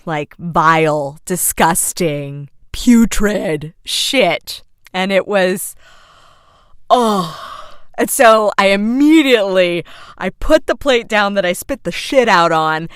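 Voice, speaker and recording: A woman hosting a podcast, telling a personal story in a chatty, animated way, full of fillers and self-corrections. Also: medium pitch, smooth, no room sound, clean studio sound. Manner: animated, vivid storyteller who acts out scenes. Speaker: podcast host and coach. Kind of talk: casual storytelling monologue.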